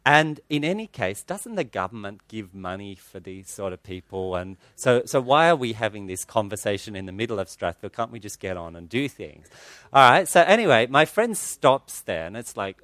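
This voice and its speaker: A man's voice: on the low side, sing-song, moderate pace, fairly bright tone, no echo. A male pastor, giving an earnest, conversational sermon in a church that includes a personal story.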